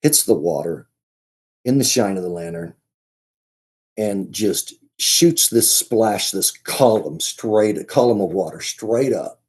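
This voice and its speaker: Low mellow-voiced guy, kinda husky, tells his story slow and halting, keeps repeating himself. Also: lively intonation. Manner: halting, restarts and repeats words. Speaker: podcast guest. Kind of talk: casual storytelling.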